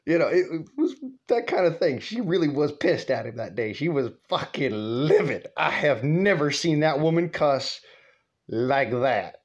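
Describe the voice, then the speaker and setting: A man's voice: a little high, lively intonation, measured pace, lo-fi sound. A man telling a profane, rambling story, laughing often. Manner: rambling, cussing, laughs a lot. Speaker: vlogger storyteller.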